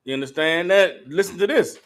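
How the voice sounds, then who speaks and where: A man's voice: fairly high pitch, a little fast, fairly bright tone. A man teaching scripture, emphatic and profane, checking in with his listeners. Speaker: Bible teacher. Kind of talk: call-and-response scripture teaching.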